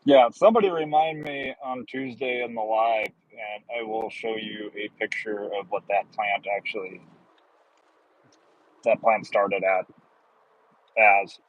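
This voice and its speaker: A man's voice: fairly low pitch, unhurried, no room sound, muffled recording. A man livestreaming while he drives deliveries, chatting casually with viewers and joking at his own expense. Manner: easygoing, chatty, jokes at himself. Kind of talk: casual live chat, answering viewers' comments. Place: in a car while driving.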